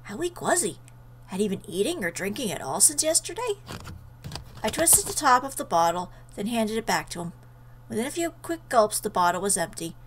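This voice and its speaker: A woman's voice: mid-range voice, very animated, moderate pace, slight background noise, poor audio. A woman reading a visual novel aloud in an earnest way, breaking off for emotional asides. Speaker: let's player.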